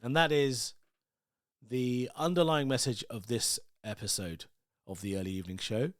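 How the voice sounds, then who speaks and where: A man's voice: medium pitch, steady tone, normal speed, no echo. Chatty man, dry close sound. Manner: rambling, chatty, many asides and "like"s. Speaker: podcast host. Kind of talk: casual solo monologue.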